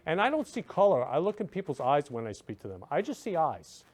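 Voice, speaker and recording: A man's voice: on the high side, big pitch swings, a little fast, hardly any pauses. Effusive man hosting a livestream. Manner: effusive, repetitive, earnest. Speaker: show host. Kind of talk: casual talk to viewers.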